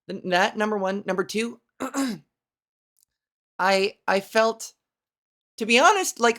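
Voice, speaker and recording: A young adult woman hosting a podcast, telling a story in a casual, self-mocking way and acting out the quotes with exaggerated voices. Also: medium pitch. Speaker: podcast host.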